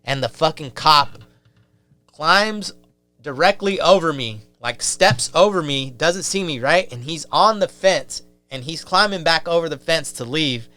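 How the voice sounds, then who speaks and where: A man's voice: on the high side, lively intonation, a little slow, bright, forceful tone. A man, a podcast guest, telling a rambling, casual story full of fillers and swearing.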